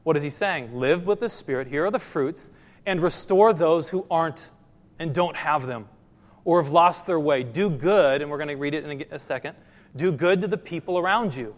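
A man's voice: fairly high pitch, moderate pace, long reverb tail. A man preaching a sermon as pastor, asking the congregation questions and repeating phrases for emphasis.

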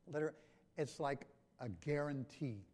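A man's voice: a little high, unhurried, darkish tone. A pastor giving a conversational sermon, asking his congregation questions. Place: church sanctuary. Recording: long hall reverb.

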